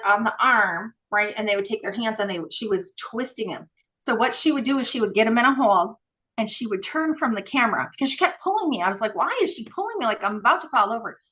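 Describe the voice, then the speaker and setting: A woman guest on a podcast, telling stories in a casual, animated way with many fillers and acted-out dialogue. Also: mid-range voice, low-quality recording. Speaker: podcast guest, former group home worker. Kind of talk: casual interview storytelling.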